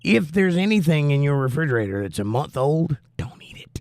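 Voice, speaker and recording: A man with a higher, slightly mellow voice speaks very animatedly and fairly quickly, in clean studio sound with no room sound. On his livestream, he reads viewers' chat aloud and answers with wry, teasing humor, casually. He's breathless and coughing as he recovers from the flu.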